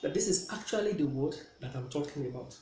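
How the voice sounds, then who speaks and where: A man's voice: a little high, lively intonation, fast talker, dark tone. Male teacher in an echoey room. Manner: checks in often with "okay?". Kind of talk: classroom pronunciation lesson. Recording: echoey room with faint noise.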